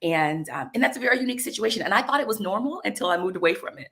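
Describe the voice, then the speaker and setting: Woman from the American South, interview guest, lively storyteller, bright tone. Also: mid-range voice, racing. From Southern United States, Arkansas. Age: adult. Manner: animated storyteller, laughs often. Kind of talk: conversational interview.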